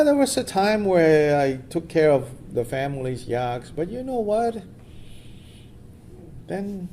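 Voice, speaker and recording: A man voicing a kindly old wandering sage who asks calm, gentle questions. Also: sits high, gravelly, slight background noise, pitched above the performer's own voice, full character voice.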